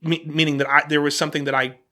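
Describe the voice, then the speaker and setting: A man hosting a casual podcast, telling an animated story and restarting his sentences often. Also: on the high side, fast talker. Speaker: podcast host.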